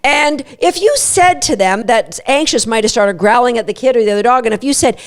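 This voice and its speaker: A woman hosting a dog training podcast, explaining dog emotions and sometimes speaking a dog's thoughts in a lower, softer voice. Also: expressive, a little fast, hardly any pauses. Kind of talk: instructional podcast talk.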